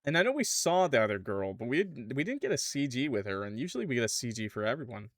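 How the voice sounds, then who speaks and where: A man streaming a visual novel, reading its narration and reacting excitably in casual commentary, swearing and laughing loudly. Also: medium pitch, fast, no room sound, clean studio sound.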